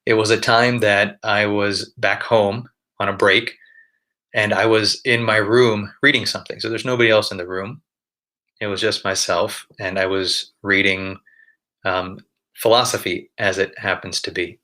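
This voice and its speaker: A man explaining near-death experiences in a measured, orderly way, defining terms and giving examples. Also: lowish voice, fairly even intonation, bright, forceful tone. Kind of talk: explanatory interview talk.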